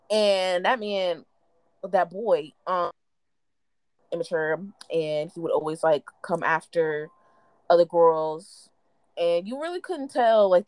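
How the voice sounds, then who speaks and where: A young woman co-hosting a podcast, telling gossip stories in casual chat and mimicking the people in them. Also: no room sound. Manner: animated gossiping, mimics others in high and low voices. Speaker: podcast co-host.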